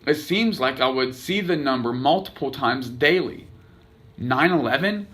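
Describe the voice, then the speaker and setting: Bright-voiced man reading his own story. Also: medium pitch, expressive, measured pace. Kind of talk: reading a personal story aloud.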